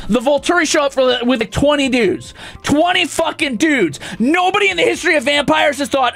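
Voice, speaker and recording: A man streaming, ranting indignantly and profanely, often breaking into shouts. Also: extremely high pitch, big pitch swings, brisk, gravelly, hardly any pauses, faint music behind. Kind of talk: casual stream rant.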